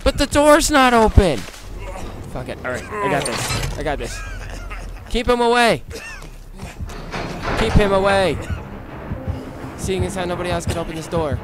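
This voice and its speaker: A man hosting his gaming channel, giving excited commentary as he plays, pleading with the killer, cursing and shouting in panic. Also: high-pitched, unhurried, long pauses, music in the background. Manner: quiet, relaxed asides to viewers.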